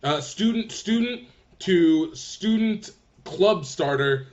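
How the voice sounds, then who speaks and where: A man's voice: high voice, expressive, takes it slowly, muffled recording. A man hosting a casual interview, talking with enthusiasm and plenty of slang. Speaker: podcast host.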